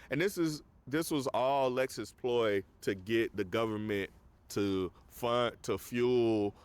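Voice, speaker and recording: A man's voice: fairly low pitch, clear, resonant tone. A man casually recapping a movie on a podcast, rambling with lots of fillers. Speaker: podcast host.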